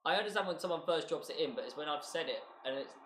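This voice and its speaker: A man's voice: a little high, animated, fast, fairly bright tone, echoey room, a little hiss or hum. A man talking through a live football match and chatting loosely with his viewers as a streamer. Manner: chatty, loose, reacts to play and reads out viewer names.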